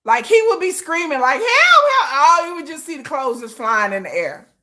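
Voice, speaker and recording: A woman tells a comic story in a high, bright voice. She swings her pitch widely, acts out shouts and screams, and laughs often as she goes. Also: very animated, brisk. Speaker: commentary host. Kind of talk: comedic riffing commentary.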